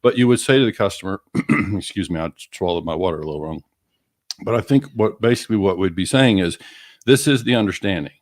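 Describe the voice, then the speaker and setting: Low-voiced man coaching in casual talk. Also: animated, quick pace, a little mellow, dry recording, studio quality. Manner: explains with examples, acts out customer dialogue. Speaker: co-host, auto finance coach. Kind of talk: casual conversational podcast.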